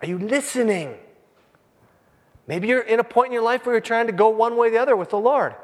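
A man in his fifties, a pastor preaching a sermon to his congregation, animated and jokey, speaking right to the crowd. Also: very high-pitched, fairly quick, long reverb tail. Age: 50s. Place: church with a congregation.

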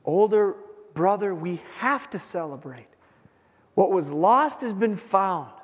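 A man preaching a sermon, retelling a scripture story with dramatic pauses and emphasis. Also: high voice, animated. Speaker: pastor. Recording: long hall reverb.

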